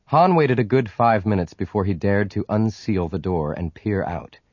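Husky male audiobook narrator. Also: fairly low pitch, animated, normal speed, a little mellow, dry recording, highs cut off. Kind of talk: scripted narration.

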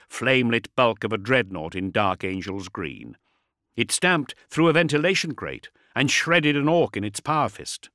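A male narrator reads with a dramatic, expressive delivery. His tone is bright and forceful. The recording is dry and close, with no room sound. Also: medium pitch, no room sound. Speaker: audiobook narrator. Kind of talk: scripted narration.

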